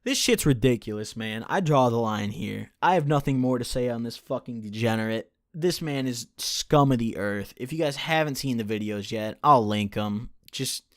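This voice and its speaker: A man's voice: mid-range voice, normal speed, few pauses, no room sound, clean studio sound. A young man in his late teens ranting scornfully with lots of profanity on a commentary video. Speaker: YouTube commentator.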